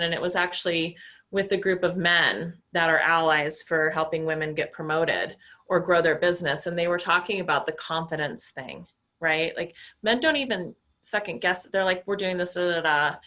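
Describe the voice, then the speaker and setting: A woman hosting a video call interview as a business group CEO, upbeat and quick to praise her guest. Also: lowish voice, bright, forceful tone. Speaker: chamber of commerce CEO hosting.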